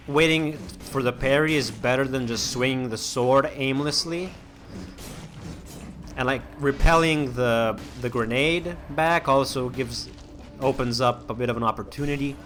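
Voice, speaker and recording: A man's voice: medium pitch, measured pace, fairly bright tone, soft background music. A young man hosting a let's-play, chatting casually as he plays, rambling with lots of restarts and fillers. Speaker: gaming channel host.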